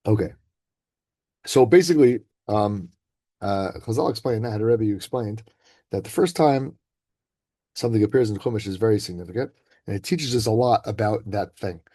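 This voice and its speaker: Mellow husky man teaching casually. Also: fairly low pitch, expressive, normal speed, pauses often. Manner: casual, conversational, keeps asking "right?". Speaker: teacher giving a talk. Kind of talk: informal Torah talk.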